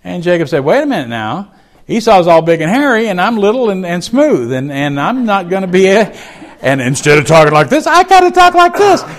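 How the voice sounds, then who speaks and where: A man's voice: high voice, sing-song, brisk. A man teaching a Bible chapter, reading verses aloud and explaining them in a folksy, conversational way. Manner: reads scripture aloud, then explains it in a folksy aside.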